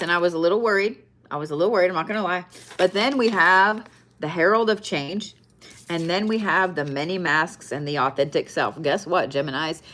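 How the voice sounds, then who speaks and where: Woman, lower pitch, casual zodiac card reading, blunt, frequent swearing, repeats herself. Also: fairly bright tone. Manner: blunt, swears often, repeats phrases for emphasis. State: tired, yawning. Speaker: zodiac and tarot reader.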